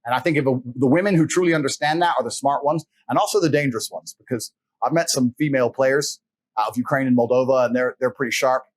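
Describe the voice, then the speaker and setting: A man's voice: medium pitch, quick pace. A man being interviewed, telling stories in a blunt, profane, casual way and acting out the people he quotes. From England. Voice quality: husky. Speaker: interview guest.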